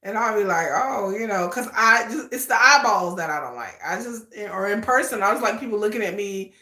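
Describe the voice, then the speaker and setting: A woman's voice: mid-range voice, fairly quick, bright, forceful tone, reverberant. A woman hosting a casual livestream, gushing and laughing as she acts out quotes. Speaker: livestream host.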